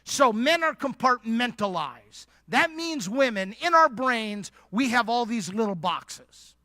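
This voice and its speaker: A man preaching in a church with a strikingly high voice, delivering an emphatic, direct sermon. His tone is bright and pointed, and he often repeats lines to drive them home. The recording is close and dry. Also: sing-song, measured pace, no echo. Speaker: conference speaker.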